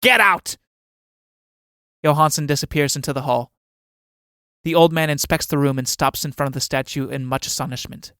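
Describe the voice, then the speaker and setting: A man narrating the stage directions of a play in a measured, steady reading. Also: mid-range voice, clear, resonant tone, no echo, studio quality.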